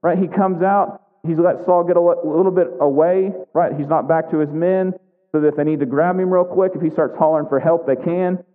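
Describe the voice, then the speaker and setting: A man's voice: a little high, steady tone, fairly quick, big-room sound, narrow, tinny audio. A man reading scripture and preaching, chatty and conversational, often checking in with "right?". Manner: conversational, keeps asking "right?". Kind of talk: Bible reading and sermon.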